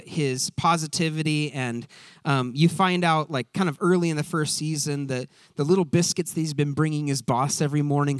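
Brief: male pastor, chatty sermon aside, a touch high-pitched, dry close sound. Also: dry recording. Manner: animated, rambling, many fillers.

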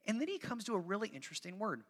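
A male pastor with a high voice delivers a sermon, chatty and repetitive, often doubling back on his phrases and urging the congregation to follow along. His bright, forceful tone carries through a big room with a long, ringing reverb. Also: big pitch swings, very fast. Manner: conversational, repeats phrases for emphasis; coaxes the congregation to join in.

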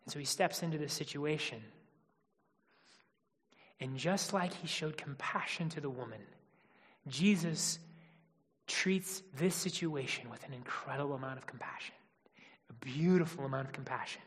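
A man preaching a sermon as pastor, dropping to hushed near-whispers and rising to loud, emphatic stresses. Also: fairly high pitch, moderate pace, long pauses, husky, big-room sound.

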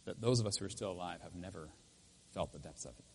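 A man preaching a sermon as pastor in a church, swinging between loud emphatic lines and quiet intense ones. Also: sits low, fast talker, vocal fry, slight background noise. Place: church with speakers.

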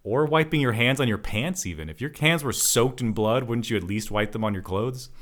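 A man's voice: medium pitch, animated, a little fast, fairly bright tone. A man co-hosting a casual movie-review podcast, recapping scenes in a laid-back way and laughing often. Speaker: podcast co-host.

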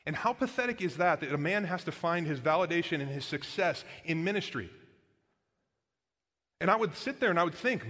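Male pastor, sermon, slightly high voice, casual earnest delivery, long church-hall reverb. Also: lively intonation, brisk, bright, forceful tone. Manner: casual and earnest, preaches with frequent "like" and "guys". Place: church sanctuary.

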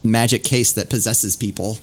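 A man's voice: fairly low pitch, fairly even intonation, normal speed, breathy edge. A man playing a tabletop game casually, unsure and wondering aloud. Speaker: player.

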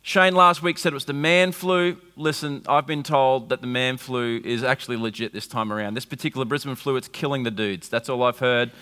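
A man, preaching a sermon with animated storytelling and wry humour. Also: medium pitch, a little fast, few pauses, clean tone. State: recovering from flu. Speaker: pastor. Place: church hall. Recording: reverberant hall.

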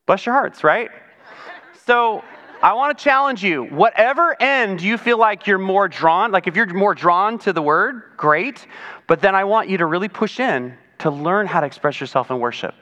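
A man's voice: high-pitched, lively intonation, normal speed, pushed and bright, muffled recording. A man preaching a chatty, conversational sermon as pastor, often acting out other people's voices. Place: church sanctuary.

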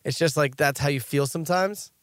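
A man's voice: on the high side, brisk, no echo, clean studio sound. A young man in casual podcast chat, rambling with lots of fillers and restarts.

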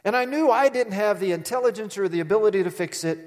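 A man's voice: high voice, animated, quick pace, darkish tone, long reverb tail. A man delivering a sermon as a pastor, conversational and storytelling, with dramatic emphasis on key words.

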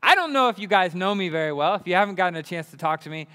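Excitable preacher man in reverberant hall. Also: sits high, rapid-fire, smooth. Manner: enthusiastic, excitable. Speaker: pastor. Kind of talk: sermon.

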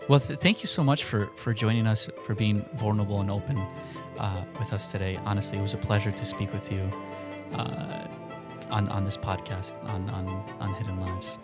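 A man's voice: fairly low pitch, fairly even intonation, moderate pace, loud music behind the voice. A man who is a priest hosts a podcast, talking casually and hesitantly with many fillers. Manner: hesitant, filler-heavy in chat. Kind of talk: casual interview chat and scripted outro.

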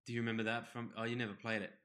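A man in his twenties co-hosting a podcast, telling stories in a relaxed, casual chat. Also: mid-range voice, racing. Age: 20s. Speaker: podcast co-host.

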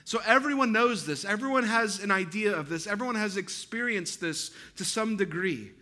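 A pastor in his thirties preaching to his church in a relaxed, conversational sermon. His voice sits a little high and comes across bright and forceful. He tells stories with repetitions and asides. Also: moderate pace.

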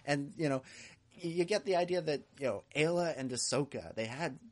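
A man's voice: a little high, fairly quick. A man co-hosting a podcast in casual chat, chatty and joking, with a lot of "you know". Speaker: podcast co-host.

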